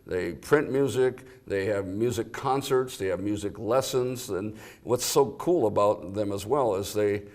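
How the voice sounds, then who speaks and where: A man's voice: on the low side, unhurried, hardly any pauses, darkish tone. Man, interview host, upbeat and eager, loose chatty delivery. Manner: upbeat, enthusiastic, many fillers. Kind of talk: casual interview chat.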